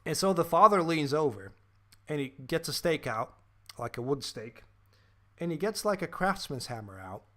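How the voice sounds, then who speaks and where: A man's voice: on the high side, animated, moderate pace, fairly bright tone. A man hosting a podcast, ranting profanely and animatedly about a film in casual chat, with lots of fillers. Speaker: podcast host.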